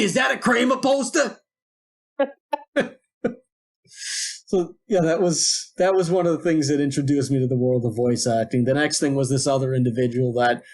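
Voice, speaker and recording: A man co-hosting a podcast, telling a long story in a rambling, digressive way. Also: medium pitch. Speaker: podcast co-host. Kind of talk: casual podcast chat.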